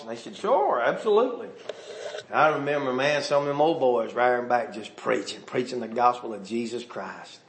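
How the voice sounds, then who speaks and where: A man, a pastor preaching a sermon, telling folksy stories that rise into shouts. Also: mid-range voice, echoey room. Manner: folksy storytelling, rising to shouts.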